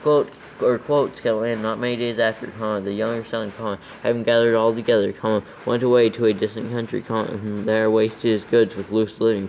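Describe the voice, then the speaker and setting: A man's voice: fairly low pitch, a little mellow, slight background noise, poor audio. A man dictating scripture aloud for proofreading, steadily reading the text and naming every comma, capital and quote mark.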